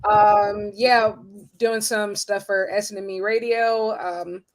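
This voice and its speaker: A woman's voice: mid-range voice, little pitch movement, slow. A woman in her twenties from South Carolina, chatting as a guest with lots of ums. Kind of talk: casual chat.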